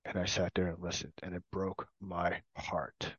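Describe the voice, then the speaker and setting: Middle-aged man, low voice, reflective recovery testimony in halting phrases; dry, slightly muffled sound. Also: level tone, slightly rough, dry recording. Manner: earnest, reflective, speaks in short halting phrases. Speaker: program participant sharing his story. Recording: dull, dry recording.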